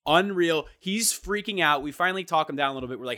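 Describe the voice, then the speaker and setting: A young man telling a funny story in casual chat, animated and acting out what people said. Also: a little high, fast talker, few pauses.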